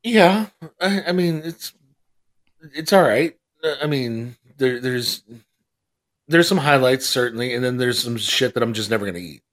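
A man's voice: mid-range voice, moderate pace, a bit bright. A man co-hosting a podcast in casual chat, sardonic and complaining in a playful, exaggerated way. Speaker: podcast co-host.

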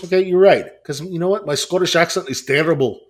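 A man's voice: fairly high pitch, quick pace, slight background noise. Rambling man on a casual podcast. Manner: rambling, many restarts and fillers, swears. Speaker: podcast co-host.

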